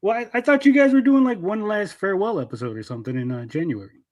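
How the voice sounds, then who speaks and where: A man's voice: high-pitched, fast talker, a little mellow. A man calling into a podcast, casual and argumentative, persistently pushing his ideas. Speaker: call-in guest.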